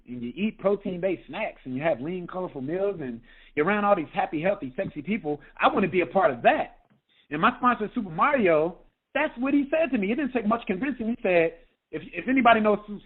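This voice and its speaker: A man, a health coach, giving an energetic motivational talk on a group call, often checking in with "okay?". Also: high voice, a little fast. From United States. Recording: tinny phone line.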